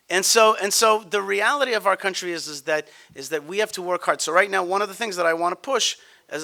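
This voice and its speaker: A man's voice: high voice, gravelly, pushed and bright. A man speaking on a conference panel, blunt and emphatic, often restarting his sentences. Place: conference hall.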